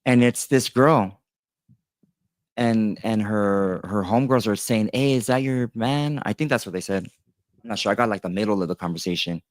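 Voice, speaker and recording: At a moderate pace and in a lowish voice, a thirtysomething man who works as a tattoo artist addresses his viewers directly. His personal story rambles casually, with plenty of fillers and restarts, on a dry recording.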